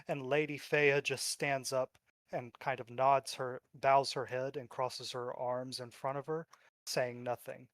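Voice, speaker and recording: A man narrating a tabletop role-playing game as game master in a steady, descriptive storytelling manner. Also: mid-range voice, unhurried, no echo.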